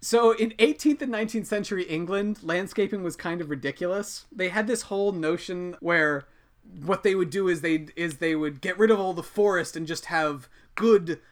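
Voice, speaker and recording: A man's voice: high-pitched, moderate pace. A man hosting a podcast, dryly explaining a history story in a casual, amused way. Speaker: podcast host.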